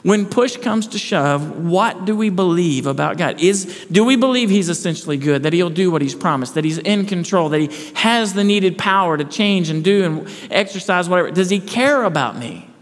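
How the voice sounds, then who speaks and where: A man's voice: high voice, animated, normal speed, few pauses. A man preaching a sermon to his church, earnest, asking rhetorical questions and restarting phrases. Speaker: pastor. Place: church sanctuary. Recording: long hall reverb.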